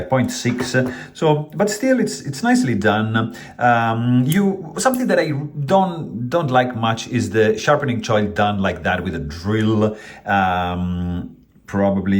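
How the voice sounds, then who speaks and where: A man casually reviewing a pocketknife, rambling with many fillers and restarts while handling the knife as he talks. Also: medium pitch.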